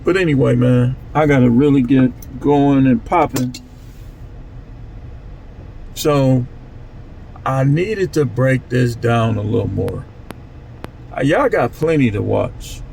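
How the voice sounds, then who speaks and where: A man's voice: mid-range voice, takes it slowly, creaky, long pauses, darkish tone, a little hiss or hum, poor audio. A man talking casually to his channel in a loose, repetitive street-talk way. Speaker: channel host. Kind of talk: casual monologue vlog.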